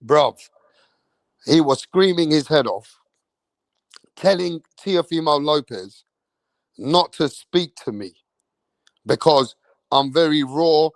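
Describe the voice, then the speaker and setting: A boxing channel host from England rants furiously on a livestream, full of profanity and repetition. His voice is a little high with vocal fry, and he speaks slowly, pausing often. The audio is dry, clean studio sound.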